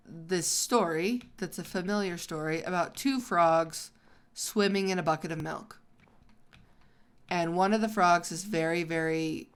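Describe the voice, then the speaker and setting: Slow-talking woman chatting over gameplay. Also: on the low side. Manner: chatty, breaks off into excited exclamations. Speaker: gaming video host. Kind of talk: casual storytelling while playing a game.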